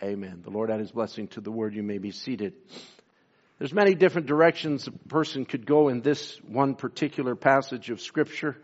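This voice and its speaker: A man preaching a sermon, pausing often with fillers and reading scripture in old-style wording. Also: mid-range voice, muffled recording. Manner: slow, halting delivery with many fillers, reads scripture in King James wording. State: briefly emotional. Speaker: pastor.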